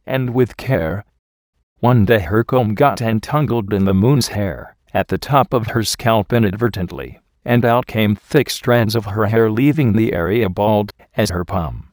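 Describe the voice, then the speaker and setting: A man narrating a folk tale in a measured, even storytelling manner. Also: on the low side, no room sound, clean studio sound. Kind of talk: storybook reading.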